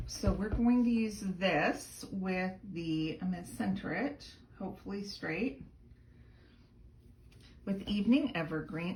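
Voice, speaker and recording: A woman's voice: medium pitch, expressive, slow, echoey room, noisy background. A woman teaching a card-making tutorial in a chatty, enthusiastic way, gushing over the details as she works. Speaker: crafting instructor.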